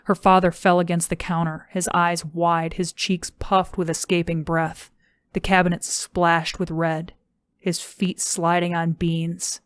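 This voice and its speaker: Low, even-toned woman narrator. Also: unhurried, smooth, no echo, studio quality. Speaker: audiobook narrator. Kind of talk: scripted narration.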